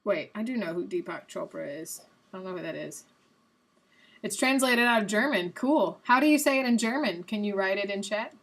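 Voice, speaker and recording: A young adult woman hosting a live stream, chatting casually and guessing out loud while she plays a quiz game, a little self-mocking. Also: mid-range voice, animated, normal speed.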